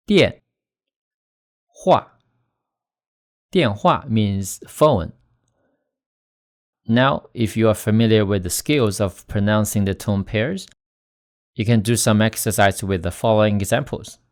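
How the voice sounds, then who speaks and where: A man teaching Chinese pronunciation in a scripted lesson, slowly demonstrating tones with stressed example words. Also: lowish voice, darkish tone. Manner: slow, deliberate, demonstrating tones with stressed syllables.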